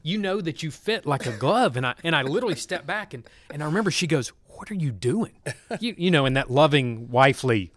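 Brief male guest, lively storyteller, acts out dialogue, dry close studio mic. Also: a little high, quick pace, few pauses, no room sound. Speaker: podcast guest, former fighter pilot. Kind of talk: storytelling interview.

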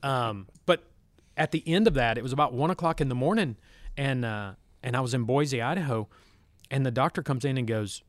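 A former fighter pilot tells his story as a podcast guest in a storytelling interview, acting out quoted dialogue. His medium-pitched voice moves fairly quickly, captured on a studio mic in a studio with no room sound.

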